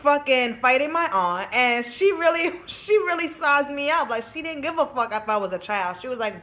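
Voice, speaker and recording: A woman's voice: sits high, expressive, normal speed, hardly any pauses, pushed and bright. A young woman telling a story to camera in a candid, chatty way, swearing freely and filling her talk with "like" and "you know.". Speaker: vlogger. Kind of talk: casual storytime chat.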